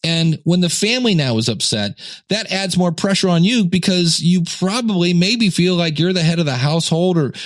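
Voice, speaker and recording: A man's voice: high-pitched, no room sound, studio quality. A middle-aged man hosting a podcast in casual talk, joking and acting out little scenes. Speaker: podcast host.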